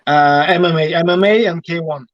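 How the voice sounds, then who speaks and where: A native Russian speaker who picked up a slight Irish accent chats frankly as an interview guest. His voice sits a little high and sounds dry and close. He swears casually and peppers his talk with "you know". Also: a little fast, dry recording, highs cut off. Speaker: guest fighter.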